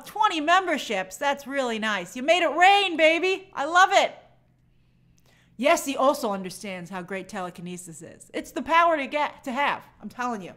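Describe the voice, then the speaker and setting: A woman's voice: sits high, bright, forceful tone. A woman hosting a live stream, reading viewer comments aloud and answering them in a chatty, opinionated way. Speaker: movie channel host answering viewer questions. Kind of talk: casual live-stream chat.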